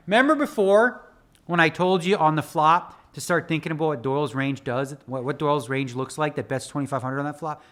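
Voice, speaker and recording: A man breaking down his own poker hands in a conversational lesson, quizzing viewers with rhetorical questions. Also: on the high side. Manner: animated, conversational teaching. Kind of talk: spoken hand-analysis lesson.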